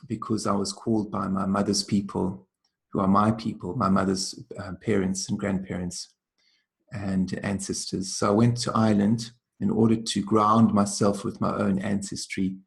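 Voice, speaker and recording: A man from South Africa speaks as an interview guest, with a low and gravelly voice. He tells his stories gently and thoughtfully, often slowing down and letting his words fade softly. His tone is warm-hearted and measured. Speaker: guest, traditional healer. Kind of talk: reflective storytelling interview.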